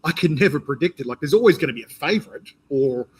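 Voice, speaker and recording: A man with an Australian accent hosting a casual interview, talking in a rambling, animated way with many restarts. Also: on the high side, quick pace, breathy edge, low-quality recording. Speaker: interview host and competition organizer. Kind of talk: casual interview chat, live stream.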